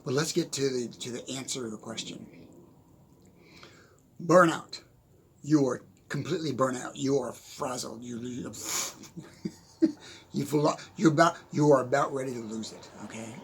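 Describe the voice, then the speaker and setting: Gravelly-voiced man giving casual motivational talk. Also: mid-range voice, normal speed, pauses often, a little hiss or hum. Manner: chatty, laughs often, repeats "okay?". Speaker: motivational speaker. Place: home, at a desk.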